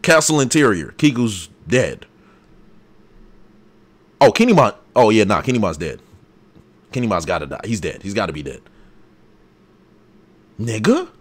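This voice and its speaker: A young man hosting a live comic reaction, excitable and hype with loud outbursts. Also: lowish voice, a little slow, long pauses. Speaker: channel host.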